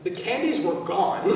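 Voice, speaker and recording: A man's voice: extremely high pitch, heavy background noise. A man in his twenties performing a one-man stage monologue, telling a story in a conversational way with filler words, heard from a distant mic in a large theater hall. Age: 20s. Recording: echoey hall from far off.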